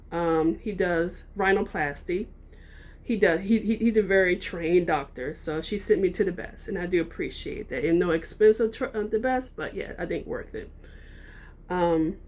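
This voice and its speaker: A woman's voice: mid-range voice, slight background noise. A woman vlogger telling a personal story in a casual, rambling way, with frequent ums and restarts.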